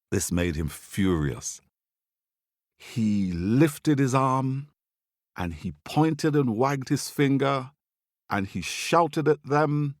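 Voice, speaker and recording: A man from Antigua, telling a folk tale for children in a playful, expressive way. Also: mid-range voice, slow, dry recording, clean studio sound. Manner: playful, expressive, with big rises for drama. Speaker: storyteller. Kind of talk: storytelling for children.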